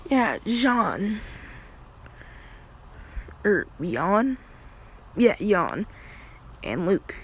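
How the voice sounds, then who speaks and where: A woman's voice: mid-range voice, very animated, drawn-out words, pauses often, slight background noise. A woman casually retelling a fan story, rambling with crude slang and frequent laughs.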